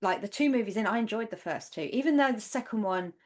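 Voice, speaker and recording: A woman from England with a London accent, a podcast guest telling stories in casual, animated chat. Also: medium pitch, fast talker. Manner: animated storyteller, swears freely.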